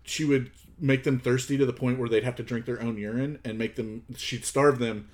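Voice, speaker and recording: Wry male podcast host, mid pitch. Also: normal speed. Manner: relaxed storytelling, wry. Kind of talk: casual chat.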